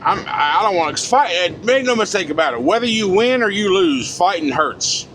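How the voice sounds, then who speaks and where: A blunt man in his forties rants in a high-pitched voice, swearing freely and talking straight at the camera. Loud road noise from the moving truck cab runs under everything he says. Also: animated, moderate pace. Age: 40s. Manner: blunt, profane, fired-up. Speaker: truck driver vlogger. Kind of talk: casual ranting monologue.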